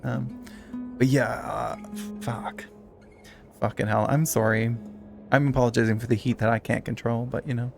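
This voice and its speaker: A man's voice: mid-range voice, little pitch movement, normal speed, creaky, long pauses, faint music behind. A man chatting casually with his viewers while playing a game, swearing freely and reading text aloud. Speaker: streamer. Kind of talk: casual live-stream chat while gaming.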